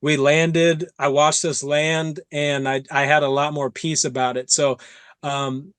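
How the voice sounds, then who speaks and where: A man hosting an interview podcast, telling stories in an animated way and acting out his own quotes. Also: fairly high pitch, a little slow, clean tone, dry recording. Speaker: podcast host. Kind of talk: casual interview chat.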